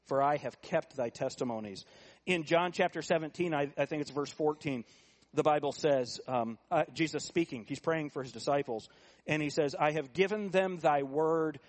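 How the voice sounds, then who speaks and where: Man, pastor, sermon, rhetorical questions, shifts between soft asides and loud emphasis. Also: fairly high pitch.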